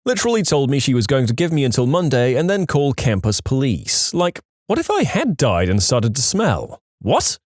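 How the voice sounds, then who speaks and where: A man reading online stories aloud as the narrator, lively and animated. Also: medium pitch, normal speed, few pauses, no room sound, studio quality. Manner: animated reading, acting out quoted lines in raised voices. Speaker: story narrator.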